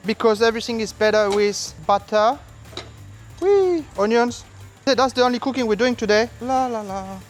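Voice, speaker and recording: A barbecue cook hosting a casual cooking demonstration, explaining each step in a relaxed way and breaking into silly asides and sing-song exclamations. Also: mid-range voice. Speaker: barbecue cook and channel host. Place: outdoors at a large smoker.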